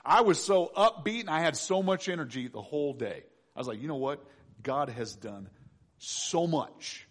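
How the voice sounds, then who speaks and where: A middle-aged man preaching with a lively voice that climbs and dips across a wide range and sits slightly high for a man. He punches key lines loudly, then drops into quiet asides. He acts out his own prayers and the voices he quotes. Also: normal speed. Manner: animated, swings between loud emphasis and quiet asides. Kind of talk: sermon.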